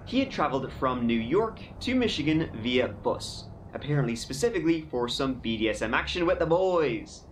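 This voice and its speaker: A man's voice: medium pitch, sing-song, moderate pace, few pauses, a little hiss or hum. A man hosting a true crime podcast, telling the case in a conversational way with wry asides. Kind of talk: casual true crime narration.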